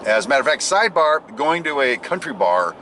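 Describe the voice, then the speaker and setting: A man delivers a casual, rambling vlog monologue to the camera while driving, full of self-mocking jokes. He talks briskly in a very animated, medium-pitched voice, with background noise behind him.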